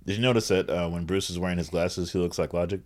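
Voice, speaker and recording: Very deep-voiced man talking fast. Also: fairly even intonation, darkish tone. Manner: dry, wry recapping of scenes. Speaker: podcast co-host. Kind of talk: casual movie commentary chat.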